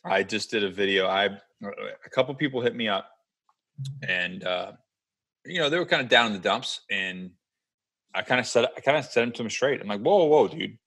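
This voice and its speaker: A man in his thirties in casual chat, talking bluntly and with lots of swearing, getting animated as he goes. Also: fairly low pitch, normal speed. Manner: blunt, profane, animated tough talk.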